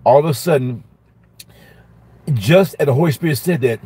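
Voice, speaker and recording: A man teaching a Bible study as a minister, telling a personal story in a lively sermon style and repeating each phrase for emphasis. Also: medium pitch, normal speed, long pauses, husky, no room sound.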